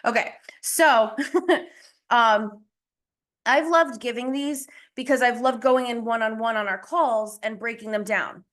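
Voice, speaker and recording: Woman, young adult, slightly high voice, out of breath, chatty and self-deprecating, video call. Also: measured pace, a bit bright. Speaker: coach hosting a group call. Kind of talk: casual live teaching call.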